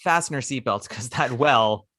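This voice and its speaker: A man hosting a podcast, casually recounting a musical's plot with lively asides. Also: medium pitch, moderate pace, no room sound, studio quality. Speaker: podcast host. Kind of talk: casual chat.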